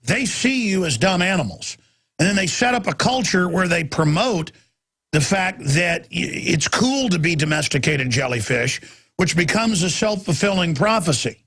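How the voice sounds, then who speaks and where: A man in his forties rants through a talk radio monologue, swinging from bursts of shouting to low, urgent tones. His voice is gravelly and husky, pitched fairly high for a man. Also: animated, normal speed. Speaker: radio talk show host.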